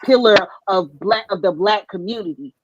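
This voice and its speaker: Woman, blunt panel talker, outspoken, middle pitch, slightly muffled dry sound. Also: normal speed, husky, no echo. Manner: blunt, outspoken, laughs between points. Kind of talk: casual panel chat.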